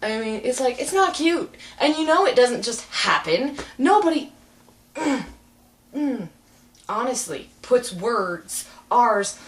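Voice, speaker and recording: A young woman ranting casually to her webcam, animated and sarcastic, often breaking into mocking impressions. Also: mid-range voice. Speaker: vlogger. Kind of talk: casual rant to camera.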